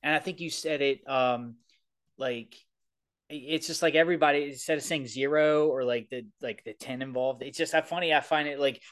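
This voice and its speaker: A man's voice: mid-range voice, fairly even intonation, a little fast. A man with a thick Baltimore accent, co-hosting a podcast in casual chat, rambling with lots of "like" fillers. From Baltimore, Maryland. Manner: rambling, filler-heavy, many "like"s. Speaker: podcast co-host.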